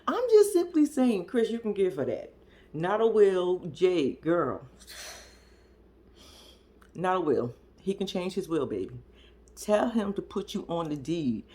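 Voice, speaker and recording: A woman's voice: fairly low pitch, big pitch swings, a little slow, pauses often, warm tone. A woman, giving a casual recap of a reality show, laughing often and talking back to the people in it.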